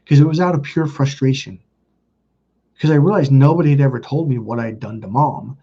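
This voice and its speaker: Here a livestream host in his thirties rambles bluntly through a personal story for his chat, swearing as he goes. His voice is medium in pitch, gravelly, slightly rough and dark, delivered fast with lively intonation, and the audio is muffled and lo-fi.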